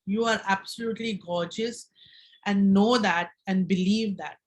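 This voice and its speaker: A middle-aged woman leading a wellness session, guiding slow breathing exercises and affirmations in a gentle, instructive way. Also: medium pitch, fairly even intonation, low-quality recording. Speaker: wellness speaker.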